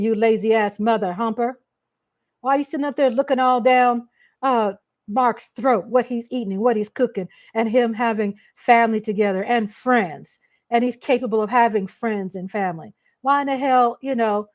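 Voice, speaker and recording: A Texas woman hosts a casual livestream, her voice a bit high and slightly mellow. She gets emotional and rants directly at her viewers in relaxed live-stream chat.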